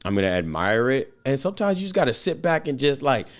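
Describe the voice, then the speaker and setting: A podcast host speaks quickly in a sing-song, medium-pitched voice. He gives a loose motivational monologue on his own show, loaded with slang, filler words and cursing.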